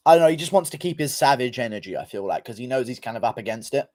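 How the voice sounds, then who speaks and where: A man's voice: mid-range voice, expressive, very fast, darkish tone, no echo. A man hosting a casual livestream, reading viewer comments in a loose, offhand manner and swearing freely. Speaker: livestream host.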